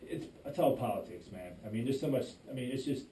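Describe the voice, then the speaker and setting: A man chatting on a podcast, his voice mellow and dark. He restarts sentences and acts out what he and others said. He sits back from the mic in an echoey room. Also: mid-range voice, fast talker, distant mic, a little hiss or hum. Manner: animated storytelling, frequent restarts and quoting himself. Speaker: podcast co-host. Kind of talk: casual podcast chat. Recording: roomy echo, voice away from the mic.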